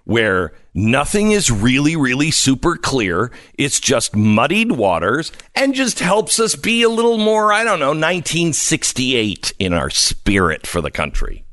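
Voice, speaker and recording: Animated man ranting on talk radio. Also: unhurried, few pauses, no echo. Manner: animated ranting, swings into high mocking squeals. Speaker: radio talk show host. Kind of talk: opinionated radio monologue. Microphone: studio microphone.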